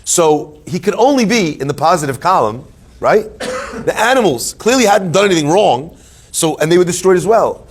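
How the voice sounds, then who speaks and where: A man playing a rabbi teaching a live class, higher voice, lively and joking. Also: normal speed, breathy edge. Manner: animated, joking storyteller who asks questions. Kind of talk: Torah class before a live audience.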